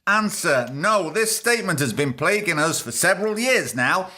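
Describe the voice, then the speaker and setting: A man's voice: sits high, animated, normal speed, pushed and bright. A man hosting a podcast, giving irreverent, sarcastic, rambling comic commentary on news stories. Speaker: podcast host.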